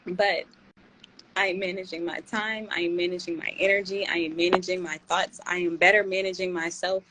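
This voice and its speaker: A woman's voice: fairly low pitch, level tone, fairly quick, pushed and bright, a little hiss or hum, poor audio. A young woman, hosting a tarot channel and talking casually and slangily to her viewers. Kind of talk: casual livestream chat.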